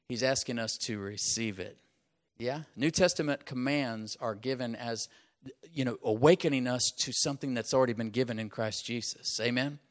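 A male pastor preaching a sermon, asking the congregation to repeat phrases and punching his key lines. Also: mid-range voice. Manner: call-and-response asides, punches key phrases.

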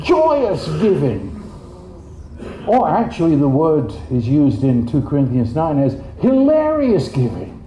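A man preaching a sermon in an animated way, jumping up in pitch for quoted voices. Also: unhurried, a little hiss or hum. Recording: dull, echoey room.

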